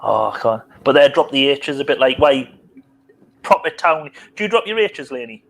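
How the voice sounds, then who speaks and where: A man with a Sunderland accent, talking in a mid-pitched voice. He chats casually as a guest and keeps demonstrating how people back home pronounce words. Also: very animated, moderate pace. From North East England. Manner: chatty, demonstrating local pronunciations. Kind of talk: casual chat.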